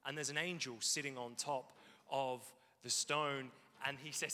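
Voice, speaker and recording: A man preaching a sermon, telling the story in an animated way with frequent asides to the congregation. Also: mid-range voice, a little slow. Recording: long reverb in a hall.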